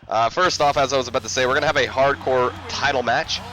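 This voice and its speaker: Bright-voiced man rambling over gameplay. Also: medium pitch, steady tone, fast, a little hiss or hum. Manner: rambling, filler-heavy, self-mocking. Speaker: let's play commentator. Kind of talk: casual video game commentary.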